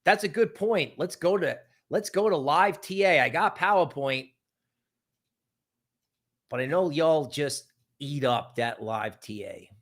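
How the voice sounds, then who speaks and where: A man hosting a live crypto market stream, talking in an animated, sardonic way with quick asides and mocking voices. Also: a little high. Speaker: crypto market livestream host.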